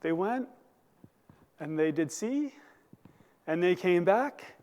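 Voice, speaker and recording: A man's voice: high voice, expressive, takes it slowly, a little mellow, in a large hall. A male pastor preaching a sermon, building to emphatic bursts and asking the congregation questions. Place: church sanctuary.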